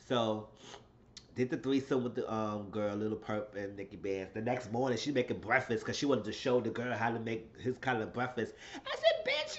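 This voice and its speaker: A man casually recapping a reality show episode, telling it in an animated, profane way. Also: highs cut off. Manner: animated storytelling, shifting into high acted quotes.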